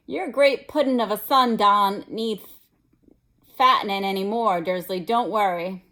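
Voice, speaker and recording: Booming, quick-tempered giant with a clipped rough accent, done by a woman reader. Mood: gruff. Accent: attempted West Country English. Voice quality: loud, booming, dropped word endings. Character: huge gruff good-natured giant man, quick-tempered. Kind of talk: read-aloud storybook voice.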